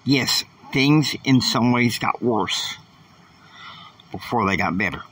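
Earnest male podcast host, husky, emphatic, a bit off-mic. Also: medium pitch, lively intonation, takes it slowly, a bit bright, distant mic, poor audio. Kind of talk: faith-based motivational monologue.

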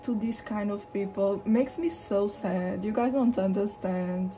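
A young woman from Europe chatting casually at home while showing her collection, rambling and expressive, slipping into animated retellings. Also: mid-range voice, unhurried, hardly any pauses, a little hiss or hum. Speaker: vlogger. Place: hot room at home with a fan running.

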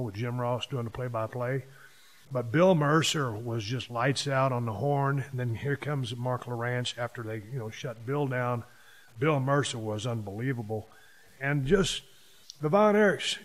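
A man, hosting a podcast and telling stories from his past in a casual monologue, hitting key words with sudden louder bursts. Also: mid-range voice. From Texas. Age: 50s. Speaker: podcast host.

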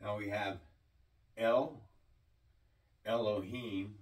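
A man preaching a sermon-style teaching, slow and deliberate, often asking his listeners questions. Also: lowish voice, fairly even intonation, distant mic, low-quality recording.

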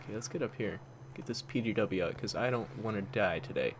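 A man commenting on his own gameplay, excitable, dropping from low mutters to sudden loud yelps and swapping curses for mild words. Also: a little fast. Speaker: gaming commentator. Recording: game gunfire and noise behind the voice.

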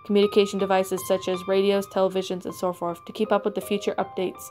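A stiff male official giving a formal statement in a stilted, halting read, as a woman narrator voices him. The pitch stays at her ordinary middle level, and there is no strong character voice. Faint music runs underneath. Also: level tone, a little mellow, natural voice.

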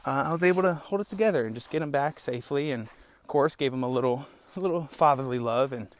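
A man's voice: mid-range voice, fast. A young man hosting a solo podcast, talking in a loose, candid, rambling way and calling listeners "bro" and "man", a little out of breath. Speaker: podcast host. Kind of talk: casual solo podcast talk. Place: small outdoor hideout on rural land.

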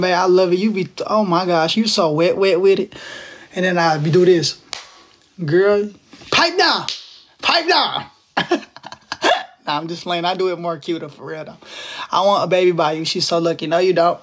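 A man in his twenties from Texas, chatting casually and teasing viewers on a phone livestream, with playful, slangy banter. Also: high-pitched. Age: 20s. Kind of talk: casual live-stream chat with viewers.

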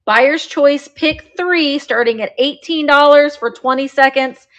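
A woman's voice: high-pitched, a little slow, lo-fi sound. A woman chatting as she runs a live sale of vintage items, describing each piece as she shows it. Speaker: live auction seller.

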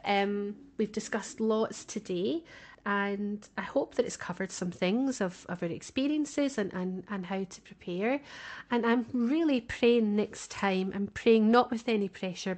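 Chatty woman podcast co-host. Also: medium pitch. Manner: chatty and warm-hearted, laughs often. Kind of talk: casual podcast chat.

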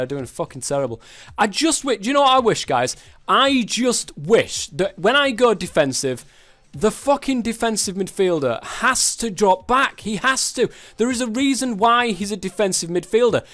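A man's voice: high-pitched, fairly bright tone. A young man commentating his football game in casual chat, swearing a lot and ranting in frustration at the game. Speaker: gaming YouTuber.

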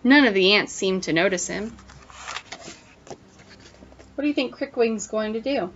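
A woman teacher reads a picture book aloud to children with expressive storytelling and stops now and then to ask them questions. Her voice sits at a middling pitch. The recording is dull and lo-fi. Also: unhurried, a little hiss or hum.

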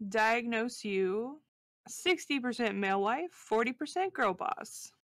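Giggly higher-voiced woman podcaster. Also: lively intonation, slow pace, a bit bright, dry recording. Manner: giggly, playful slang, mispronounces names on purpose. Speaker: podcast co-host. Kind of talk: casual book-club chat on a livestream.

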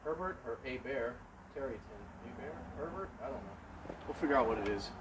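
A man giving a casual running commentary as he works, excitable, exclaiming and thinking aloud into a camera mic held close. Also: mid-range voice, a little fast. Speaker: vlogger restoring a vending machine. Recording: noisy background hiss.

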